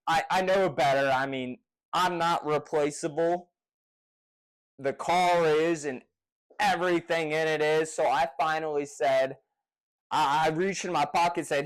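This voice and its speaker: A man casually retelling a personal story in a rambling, profane, excitable way. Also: fairly high pitch, a little slow, rough recording.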